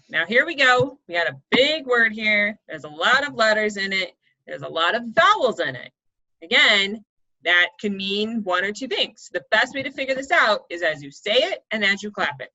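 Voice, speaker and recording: Bright-voiced woman coach, lo-fi lesson. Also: medium pitch. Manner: encouraging, explains step by step, checks in with "right?" and "okay?". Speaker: coach teaching poetry. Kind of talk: recorded online lesson. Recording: dull lo-fi sound.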